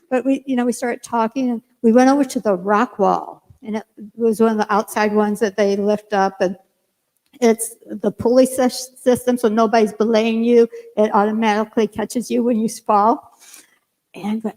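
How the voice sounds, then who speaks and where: An older woman minister tells a story from the pulpit, animated and acting out the back-and-forth of a conversation. Her voice sits a little high. The sound trails off into the long reverb of a church hall. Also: moderate pace. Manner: animated, acts out both sides of conversations. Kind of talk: sermon storytelling. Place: church sanctuary.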